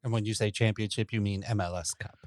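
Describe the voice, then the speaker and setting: A man with a low voice co-hosts a podcast, teasing his friends in a theatrical, playful way. The recording is dry and close. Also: fairly even intonation, fast, a little mellow, no room sound. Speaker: podcast co-host. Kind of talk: casual chat.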